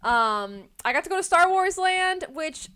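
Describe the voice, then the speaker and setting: A woman's voice: extremely high pitch, big pitch swings, a little slow, sharp tone. A young woman co-hosting a podcast, chatting casually and rambling with lots of likes and ums. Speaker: podcast co-host. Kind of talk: casual chat.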